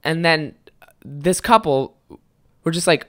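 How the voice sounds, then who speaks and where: Rambling, foul-mouthed young guy. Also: moderate pace. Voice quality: high-pitched for a man. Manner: rambling, heavy swearing, animated storytelling. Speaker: podcast host. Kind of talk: casual solo podcast chat.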